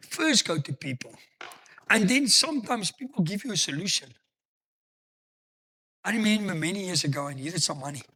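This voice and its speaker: A man pastor preaches with lively, emphatic delivery, asking rhetorical questions and telling anecdotes. His voice sits high for a man and sounds bright and forceful. His pitch swings widely as he presses his points. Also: slight background noise. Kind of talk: sermon.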